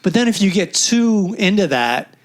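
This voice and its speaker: Chatty, swearing comedian podcast host. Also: male voice, high voice, very animated, normal speed. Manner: chatty, swearing, laughs often. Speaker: stand-up comedian. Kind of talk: casual chat.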